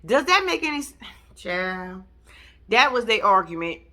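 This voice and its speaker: A woman recapping a reality show in a casual, blunt, swearing style, throwing her pitch up high for emphasis. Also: sing-song, unhurried, sharp tone.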